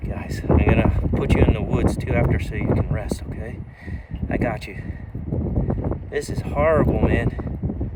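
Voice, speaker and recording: A man's voice: lowish voice, flat delivery, normal speed. A man filming an unedited phone vlog outdoors by the water, nervous and swearing, talking soothingly to trapped birds while he frees them. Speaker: vlogger. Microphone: phone held while working. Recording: distant phone mic, loud outdoor noise.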